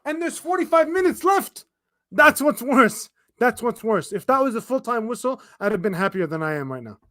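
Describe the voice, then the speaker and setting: A young man hosting a football watchalong stream, ranting in exasperation with swearing, restarts and fast bursts of complaint. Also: very high voice, animated, fairly bright tone, no room sound, clean studio sound. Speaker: fan commentator reacting to a live match. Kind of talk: livestream watchalong rant.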